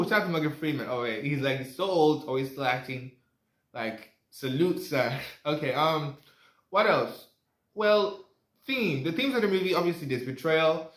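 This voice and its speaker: A man's voice: medium pitch, a bit bright. A young man giving a casual, rambling movie review, full of fillers and asides. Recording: echoey room.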